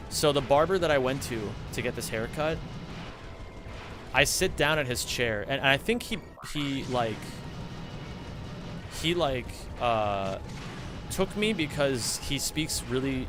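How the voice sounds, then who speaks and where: Speaking a little slowly with long pauses, a young American man streams a game and chats casually in an expressive, mid-range voice. His talk rambles with plenty of swearing and heavy use of "like," and background music runs underneath.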